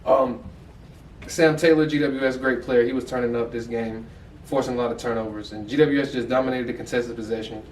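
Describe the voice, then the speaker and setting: A man's voice: mid-range voice, fairly even intonation, a little fast, slight background noise. An American man co-hosting a sports podcast, breaking down a game in candid, loose, profane chatter. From United States. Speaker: podcast co-host. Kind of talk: casual sports analysis chat. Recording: echoey room, mic far off.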